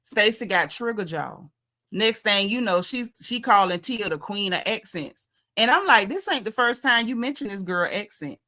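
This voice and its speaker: A woman's voice: mid-range voice, animated, moderate pace, pushed and bright. A woman with a Southern American accent hosting a casual livestream recap, talking in a sassy, emphatic, colloquial way. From Southern United States. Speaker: show recap host.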